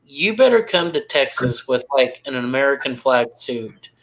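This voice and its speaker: A man's voice: mid-range voice, lively intonation, moderate pace, a bit bright, low-quality recording. A man co-hosting a live barbecue chat, reading comments and trading joking, teasing banter. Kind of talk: casual live-stream chat.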